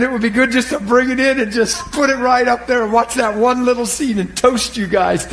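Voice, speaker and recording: A man preaching a sermon, acting out the scripture scenes and swinging from shouts to murmurs. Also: extremely high pitch. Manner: animated, acts out scripture voices, laughs and cries.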